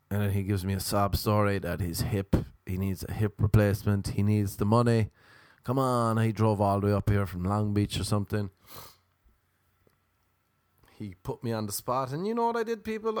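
A man from Ireland doing a crude, comedic monologue as a podcast host, storytelling with big animated swings. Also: on the low side, dry recording.

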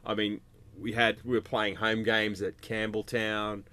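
Male podcast co-host, low voice, wry and ribbing. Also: flat delivery, unhurried, sharp tone. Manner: wry, ribbing, rambling storyteller. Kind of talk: casual sports chat.

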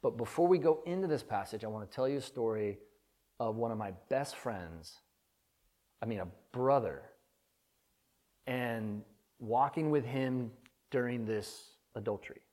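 A man's voice: medium pitch, a little slow, long pauses, a little mellow. A man preaching a conversational sermon, telling a personal story in an earnest, candid way that swells with feeling.

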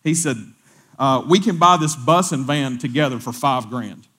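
A man, a pastor telling a story during a sermon in a conversational way, often repeating words and quoting people in animated voices. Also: mid-range voice, normal speed, breathy edge.

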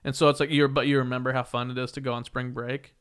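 A man's voice: mid-range voice, little pitch movement, fast, fairly bright tone, clear, resonant tone. Laid-back man hosting a podcast. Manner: easygoing, laid-back, chuckles often. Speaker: podcast host. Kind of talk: casual chat.

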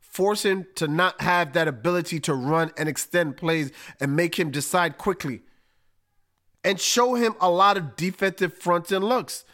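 Animated man breaking down football. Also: sits high, measured pace. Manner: animated, emphatic, folksy with slang. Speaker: podcast host. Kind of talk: casual sports analysis.

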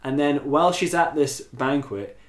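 A man's voice: a little high, moderate pace. Sweary rambling podcast man, roomy sound. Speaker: podcast host. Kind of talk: casual film review chat. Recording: roomy echo.

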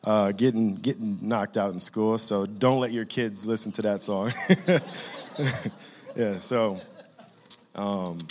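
A man's voice: on the low side, steady tone, takes it slowly, long pauses. A man in his thirties from California, telling a personal faith story in an earnest, conversational way. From Inglewood, California. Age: 30s. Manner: earnest, conversational, laughs at his own jokes. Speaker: father sharing a faith testimony.

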